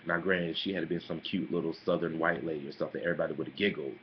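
Young male vlogger, deep voice, sassy and animated, muffled home mic with faint hiss. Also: racing. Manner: sassy, animated, calls listeners honey and girl. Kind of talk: casual opinion vlog.

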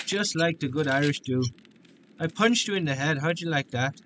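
A man's voice: fairly high pitch, expressive, moderate pace, a bit bright, a little hiss or hum. A man hosting a gaming video, joking and playful as he comments on his play. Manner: joking, playful, with silly voices and outbursts.

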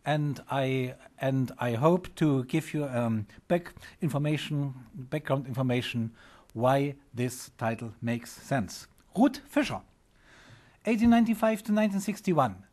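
Male lecturer, halting speech with fillers, reads prepared text, fairly high pitch. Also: a little mellow. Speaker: guest lecturer. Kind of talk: academic lecture.

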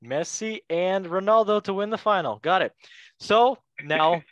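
A young man hosting a casual football podcast, playful and quick to laugh, with goofy asides. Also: high-pitched, no echo, dull audio. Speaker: podcast host.

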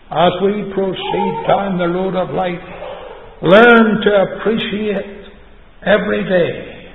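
An old man with a Northern Irish accent preaches a sermon, his gravelly voice pitched a little high and his delivery slow and deliberate. He swings between booming emphasis and near-whispered asides, chuckling as he goes. The recording is thin and phone-like, with a long church-hall echo and a faint hiss. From Northern Ireland. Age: 80s. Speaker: pastor.

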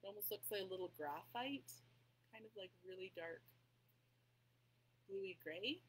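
A woman's voice: medium pitch, lively intonation, unhurried, fairly bright tone, slight background noise, low-quality recording. A woman hosting a casual craft tutorial at her table, chatting as she paints and often apologizing for her slips. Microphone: table mic that cuts out.

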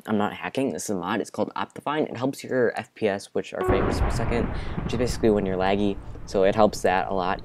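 A man's voice: fairly low pitch, a little mellow, a little hiss or hum. A man giving live gameplay commentary, jumping from muttering and near-whispers to panicky outbursts. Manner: drops to a near-whisper at times. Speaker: gaming commentator.

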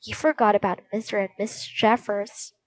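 A woman's voice: medium pitch, fairly even intonation, normal speed, no room sound, close to an everyday voice. A woman voicing a curious young boy detective in a storybook reading, in a plain, inquisitive voice.

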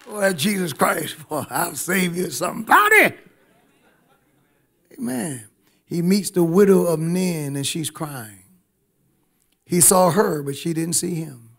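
Male preacher, high-pitched, emphatic, engages the congregation, church sermon. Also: slow pace, gravelly, pauses often, fairly bright tone.

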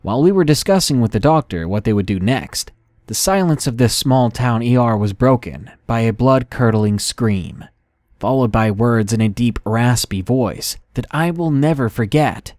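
Man, horror story narrator, measured delivery, dry close recording. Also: medium pitch, expressive, darkish tone, no echo.

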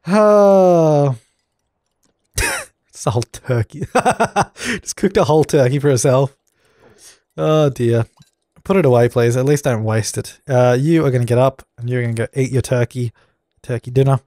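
A man's voice: mid-range voice, normal speed, long pauses, warm tone, no room sound, clean studio sound. A young man doing let's play commentary, bossy and exasperated as he scolds the characters on screen. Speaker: gaming channel host.

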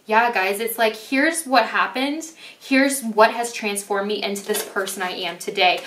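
Gushing tarot reader in an echoey room. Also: female voice, medium pitch, moderate pace, few pauses, a bit bright, recorded from a distance, a little hiss or hum. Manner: gushing, emphatic, swears casually. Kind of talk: casual tarot reading to viewers. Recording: echoey room, voice a bit off-mic.

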